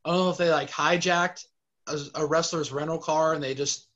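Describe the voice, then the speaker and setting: A man's voice: on the high side, steady tone, a little fast, a bit bright. Hesitant man on a lo-fi podcast. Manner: hesitant, loose, trailing recollections. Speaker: podcast co-host. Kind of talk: casual wrestling podcast chat. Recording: lo-fi podcast audio.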